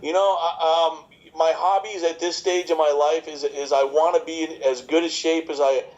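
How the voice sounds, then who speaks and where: A man's voice: fairly high pitch, steady tone, normal speed, darkish tone. A man in his fifties rambles through his answers in a podcast interview. He jokes and restarts his sentences often, leaning on fillers. The audio is a little dull and lo-fi. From New York. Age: 50s. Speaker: chiropractor guest.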